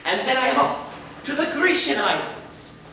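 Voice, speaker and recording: A man's voice: very high voice, big pitch swings, unhurried, bright, forceful tone, full character voice. A man acting a flamboyant, vain celebrity playwright in a live stage play, with a grandiose, theatrical delivery. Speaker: stage actor. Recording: distant, echoey and noisy theater recording.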